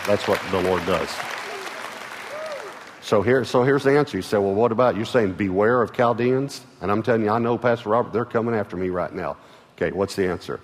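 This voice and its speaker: Texan male pastor, low voice, earnest sermon delivery, echoey church hall. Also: brisk, crowd noise, noisy background. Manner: earnest, repeats words, swings from loud calls to hushed lines. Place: large church auditorium. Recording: large hall reverb with soft music.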